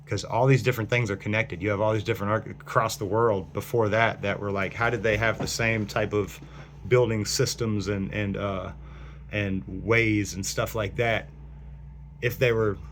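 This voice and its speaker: A man's voice: on the low side, steady tone, moderate pace, a bit bright, slight background noise. A man vlogging into his phone in a rambling, speculative monologue, meandering through fillers and restarts.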